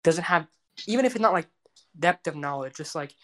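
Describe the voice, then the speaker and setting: A man's voice: fairly high pitch, expressive, fairly quick, bright, forceful tone. A young man co-hosting a casual podcast chat, rambling and filling his talk with many likes and restarts. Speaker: podcast co-host.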